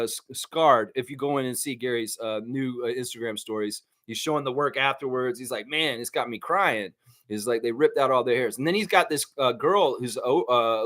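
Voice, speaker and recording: A man's voice: mid-range voice, a bit bright. Chatty man hosting a sports stream. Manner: chatty, laughs often, sings snippets, many fillers. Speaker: sports livestream host. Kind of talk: casual live chat reading viewer comments.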